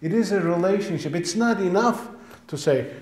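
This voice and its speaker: A man's voice: high-pitched, expressive, moderate pace, a little mellow. Guy pastor giving a sermon, repeats stuff for emphasis, roomy church sound. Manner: emphatic preaching, repeats phrases for stress. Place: church sanctuary. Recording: echoey church room.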